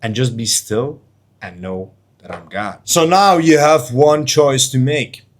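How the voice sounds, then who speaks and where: A man's voice: medium pitch, expressive, takes it slowly. A man coaching to camera in an intense, preachy motivational monologue, blunt, with casual slang and swearing. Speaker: life and trading coach.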